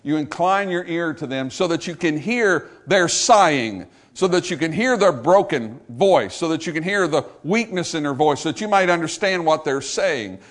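A man preaching a sermon, repeating phrases for emphasis and calling out to the congregation, swelling to fervor then dropping soft and low. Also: lively intonation, moderate pace, hardly any pauses.

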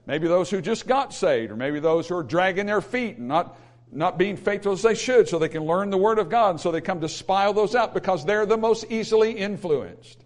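A man's voice: high-pitched, animated, moderate pace. A male pastor preaching a sermon in an emphatic, repetitive way, with humorous asides.

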